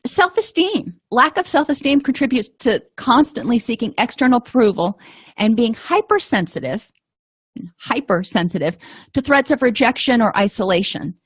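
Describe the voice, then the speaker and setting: Woman, middle-aged, somewhat high voice, calm explanatory advice, casual fillers, dry close sound. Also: normal speed, husky, no room sound. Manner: calm, explanatory, with frequent ums and you-knows. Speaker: vlogger giving advice.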